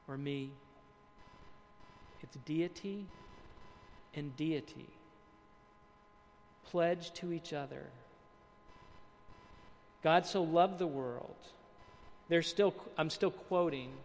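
A man preaching a sermon, reading quotes aloud, then explaining them with dramatic pauses and hushed emphasis. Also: on the high side, gravelly, in a large hall, slight background noise.

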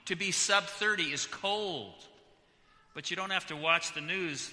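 A man's voice: sits high, bright, forceful tone. A middle-aged pastor from California, making chatty, joking announcements with many restarts before his sermon. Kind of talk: church announcements and sermon opening. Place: church sanctuary. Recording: church hall reverb.

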